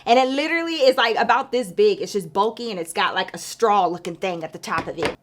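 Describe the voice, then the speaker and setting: Woman, casual storyteller, animated, chatty, swears freely, talks to viewers like a friend. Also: medium pitch, fast talker. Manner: animated, chatty, profane, addresses viewers as bestie. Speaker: vlogger.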